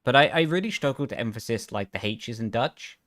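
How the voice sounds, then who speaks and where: A young man streaming a racing game from his home rig, chatting casually and rambling as he reads chat aloud, with a flat intonation, into a headset mic. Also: mid-range voice, a little fast. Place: home sim rig room.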